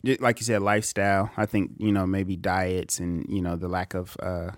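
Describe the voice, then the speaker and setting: A man co-hosting a casual podcast chat, easygoing, filling his talk with "you know", and trailing off quietly. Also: deep voice, level tone, moderate pace, no room sound.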